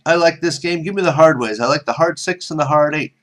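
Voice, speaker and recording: A man's voice: on the high side, fast, a bit bright, natural voice. A man voicing a cocky, unlucky male gambler in a spoken story, with brash, boastful talk.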